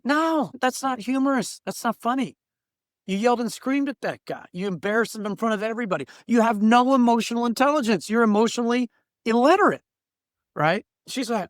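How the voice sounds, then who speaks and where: Blunt, animated middle-aged man telling stories. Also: extremely high pitch, a little fast, no room sound, studio quality. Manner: acts out quoted people, blunt and emphatic. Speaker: diversity trainer and workplace coach. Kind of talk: animated storytelling in a podcast interview.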